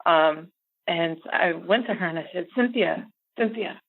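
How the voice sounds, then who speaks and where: A middle-aged American woman telling a story as a podcast guest, animated and laughing often. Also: fairly low pitch, unhurried, creaky. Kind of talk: casual storytelling interview. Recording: phone-like audio.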